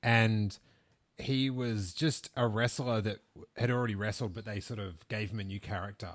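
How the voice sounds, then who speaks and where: A low-pitched man hosts a relaxed podcast chat about collectibles. He rambles, restarts his sentences and leans on fillers as he talks. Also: moderate pace. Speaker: podcast host.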